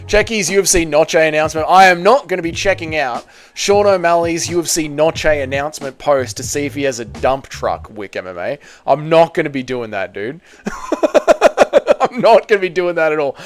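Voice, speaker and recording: A man's voice: on the high side, clean tone. An Australian man hosting a casual live stream, rambling, joking and swearing freely while reading chat. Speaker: livestream host reading chat.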